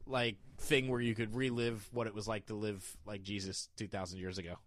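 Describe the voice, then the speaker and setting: A man's voice: lowish voice, level tone, brisk, fairly bright tone, no room sound. A man co-hosting a trivia podcast in casual chat, joking and laughing often. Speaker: podcast co-host.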